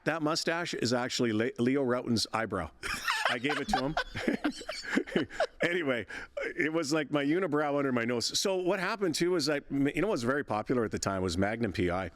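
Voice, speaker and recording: A man's voice: mid-range voice, fairly bright tone, dry recording. A man in his sixties, a veteran broadcaster and interview guest, telling stories in a chatty, rambling way with frequent laughs and restarts. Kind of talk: casual interview storytelling.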